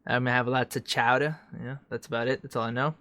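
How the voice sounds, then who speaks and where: A man's voice: mid-range voice, fairly even intonation, quick pace, bright, forceful tone, no echo. A young man co-hosting a podcast, chatting casually, joking and swearing freely. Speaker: podcast co-host. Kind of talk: casual chat.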